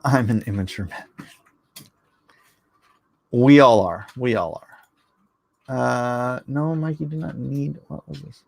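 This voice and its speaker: Gravelly man chatting on a livestream. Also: medium pitch, slow pace, long pauses, no room sound. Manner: rambling, jokey, talks back to chat. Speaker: livestream host. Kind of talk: casual livestream chat reading comments.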